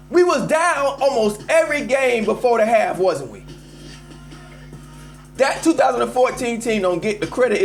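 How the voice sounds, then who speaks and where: A man hosting a live call-in show, ranting emphatically about sports and talking straight to his listeners. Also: very high voice. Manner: animated, emphatic, addresses listeners as y'all. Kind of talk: casual sports rant.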